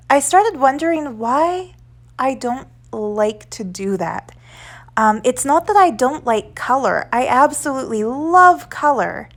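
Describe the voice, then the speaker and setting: Casual woman art vlogger, chatty voice-over, a touch high-pitched, rambling with fillers. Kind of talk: casual voice-over narration while drawing.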